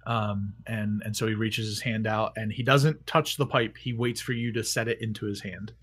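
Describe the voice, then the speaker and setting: A man's voice: fairly low pitch, steady tone, normal speed, fairly bright tone, a little hiss or hum. A man narrating casually as game master, rambling with lots of fillers and restarts.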